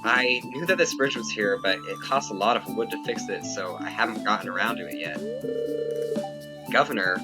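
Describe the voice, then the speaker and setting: A man's voice: lowish voice, wildly swooping pitch, moderate pace. Chatty young man narrating his gameplay. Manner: chatty, rambling, many fillers. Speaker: let's play host. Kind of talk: casual game commentary. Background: game music.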